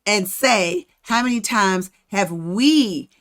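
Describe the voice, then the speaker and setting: A woman's voice: medium pitch, expressive, slow pace, a bit bright. A woman hosting a podcast, teaching from the Bible in a casual, conversational way and acting out the story. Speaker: podcast host.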